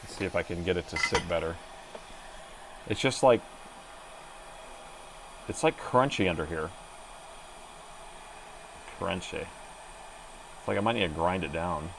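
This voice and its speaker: A man's voice: low-pitched, a little slow, vocal fry, long pauses, background noise. A middle-aged man doing a live repair stream, chatting casually and muttering to himself as he works at his bench. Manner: chatty, thinks aloud, mutters to himself while working. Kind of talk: casual live-stream commentary while working. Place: repair workbench indoors.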